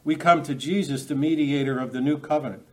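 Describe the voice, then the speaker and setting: A man's voice: on the high side, fairly quick, darkish tone. A man preaching an expository sermon, talking unscripted with frequent restarts and rhetorical questions to his listeners.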